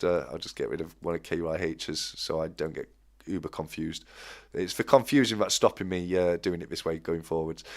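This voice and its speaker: A man hosting a casual live stream, chatting loosely and reading out and counting viewer comments. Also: sits low. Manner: chatty, restarts phrases, counts comments aloud. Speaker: livestream host.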